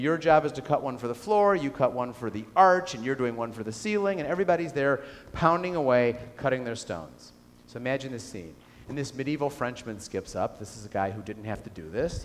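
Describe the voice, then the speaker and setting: A man giving a business keynote speech to a live audience, telling a story and asking the room questions. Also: medium pitch. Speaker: keynote speaker. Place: lecture hall with audience. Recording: reverberant hall.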